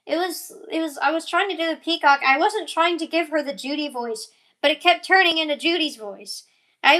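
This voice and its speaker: A woman's voice: high-pitched, fairly bright tone. A young woman chatting casually in a rambling vlog, full of fillers and side tangents, yawning now and then. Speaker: animator and voice actor.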